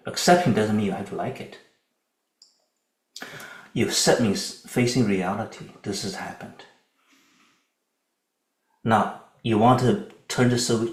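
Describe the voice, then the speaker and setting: A man giving a Buddhist dharma lecture in a calm, conversational way, often checking in with his listeners. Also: lowish voice, echoey room, low-quality recording. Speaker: Buddhist teacher.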